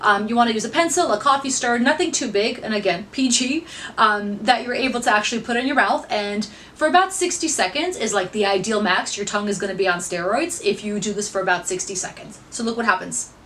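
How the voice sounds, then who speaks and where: A woman's voice: medium pitch, fast, a bit bright, slight background noise. A young adult woman presentation trainer giving an upbeat, chatty instructional talk to camera.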